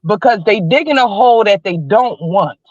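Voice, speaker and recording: A woman's voice: mid-range voice, animated, normal speed, darkish tone, no room sound. A woman in her forties, calling in as a livestream guest, giving heated commentary in blunt, emphatic slang. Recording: slightly dull dry stream audio.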